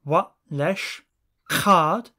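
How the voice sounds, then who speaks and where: A language teacher goes through lesson drills very slowly and carefully, speaking each short phrase clearly and separately, one after another. The voice is mid-range, pushed, and bright.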